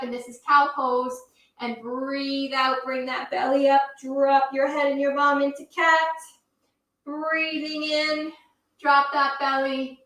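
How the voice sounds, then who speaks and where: A cheerful woman reads a rhyming children's story and guides young listeners through yoga poses. She sounds encouraging and sing-song, with a high voice. Her words echo around the room. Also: sharp tone, distant mic. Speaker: kids' yoga teacher and storyteller.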